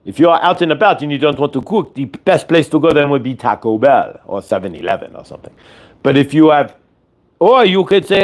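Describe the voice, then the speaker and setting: A man hosting a show, giving a channeled spiritual teaching that speaks as "we" and circles back to repeat its points. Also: fairly high pitch. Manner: speaks as a collective "we", repetitive and instructive.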